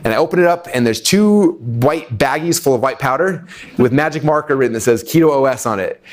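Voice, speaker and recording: A middle-aged man telling a long personal story to a live audience, animated, with many fillers and acted-out quotes. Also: medium pitch, fairly quick. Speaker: webinar speaker. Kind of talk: energetic storytelling talk.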